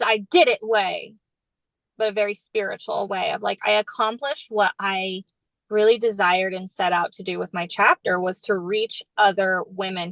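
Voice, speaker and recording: A woman's voice: mid-range voice, fairly bright tone, no room sound, low-quality recording. A woman author chatting on a podcast, talking in an earnest, reflective, spiritual way. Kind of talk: casual podcast chat.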